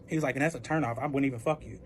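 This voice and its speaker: A young man telling a personal story in a casual vlog, animated and profane, acting out both sides of the conversation. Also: medium pitch, racing, slight background noise.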